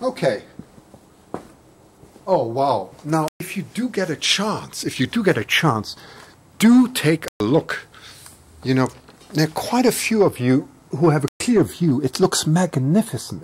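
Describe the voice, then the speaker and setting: A man's voice: fairly high pitch, sing-song, measured pace, long pauses. Enthusiastic man with a German-tinged accent. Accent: German-tinged English. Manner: enthusiastic, chatty, exclaims often. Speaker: livestream host and photographer. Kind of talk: live-stream chat reading viewer comments. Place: home, then outdoors at night.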